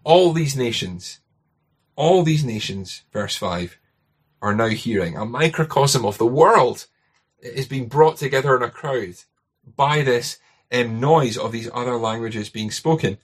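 Husky-voiced Scottish preacher. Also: male voice, mid-range voice, unhurried. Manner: conversational, asks rhetorical tag questions. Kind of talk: sermon.

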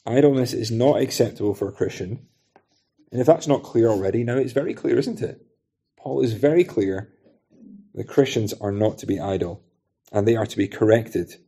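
A man's voice: mid-range voice, dark tone, breathy edge. A man preaching an expository sermon in a conversational way, often adding rhetorical tag questions.

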